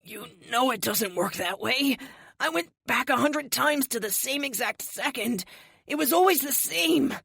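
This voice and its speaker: A woman's voice: sits high, lively intonation, measured pace, gravelly, a bit bright, husky, dry recording, clean studio sound, voice pushed up, exaggerated voice. A woman voicing an injured, frightened man in agony, speaking through tears and clenched teeth. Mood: pained. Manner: crying, strained, pained.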